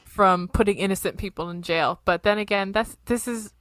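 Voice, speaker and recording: A woman from Ohio chats casually as a podcast co-host, lively and expressive. She laughs often and swears without a second thought. Her voice sits dry and close, with hardly any room sound. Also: medium pitch, normal speed, dry recording, faint music behind. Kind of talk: casual chat.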